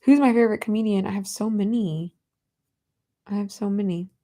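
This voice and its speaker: This livestream host is a woman in her twenties talking a little fast in a medium-pitched voice. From home, she chats casually with viewers and reads out their comments, giggling often and cooing gently at her cat.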